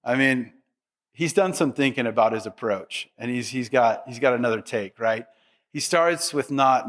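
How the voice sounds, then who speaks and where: A man's voice: mid-range voice, normal speed, a bit bright. A middle-aged man preaching a sermon as pastor, conversational and humorous, with asides to the congregation.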